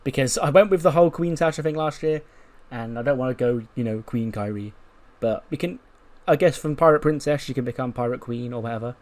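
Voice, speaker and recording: A man's voice: medium pitch, brisk, few pauses, a little mellow. A young man casually narrating a game playthrough in a rambling, offhand way, swearing now and then. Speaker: let's-play narrator.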